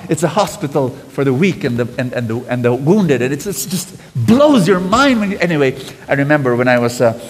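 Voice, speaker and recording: A man preaching a sermon to a live audience, animated, calling for responses and loudly acting out quotes. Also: a little high, long reverb tail.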